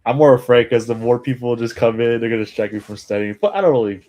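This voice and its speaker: Male streamer, mid-pitched, loose rambling chat with muttered asides. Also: quick pace, dark tone. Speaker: language-learning streamer. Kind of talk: casual live-stream chat.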